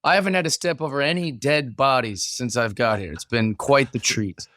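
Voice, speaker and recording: A man co-hosting a podcast, chatting casually with quick, easy-going replies. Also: mid-range voice, a bit bright, dry recording, studio quality. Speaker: podcast co-host. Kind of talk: casual chat.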